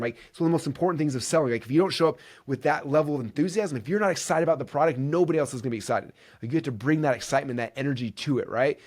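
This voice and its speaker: A man's voice: fairly high pitch, very fast, few pauses. A man hosting a podcast, telling stories in a casual, enthusiastic monologue full of "like" and "right". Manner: energetic, enthusiastic, many fillers like "like" and "right". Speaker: podcast host.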